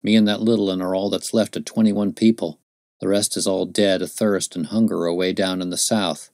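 A man's voice: low-pitched, level tone, fairly quick, a little mellow, no echo, studio quality. A man voicing a weary, gaunt frontiersman in an audiobook, using folksy backcountry speech. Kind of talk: audiobook character voice.

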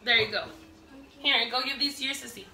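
Animated high-voiced woman telling a story. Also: a little fast. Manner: animated, laughing, acts out quoted people loudly. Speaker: vlogger. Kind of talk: casual storytelling. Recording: echoey room, mic at a distance.

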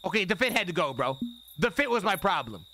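A man streaming a video game, talking casually in an excitable, profane way with frequent laughter. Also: sits high, fast talker, heavy background noise. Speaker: gaming streamer. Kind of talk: casual gameplay commentary.

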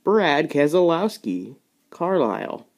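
A young man chats his way through a hobby review of a collectible model car. He speaks at an unhurried, slow pace, rambling with fillers and poking fun at himself as he goes. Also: fairly high pitch, big pitch swings, darkish tone. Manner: rambling, self-mocking, chatty with fillers.

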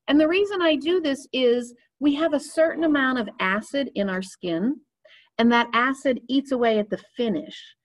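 A woman giving a clarinet lesson, explaining each step patiently while she demonstrates. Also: a little high. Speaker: clarinet teacher.

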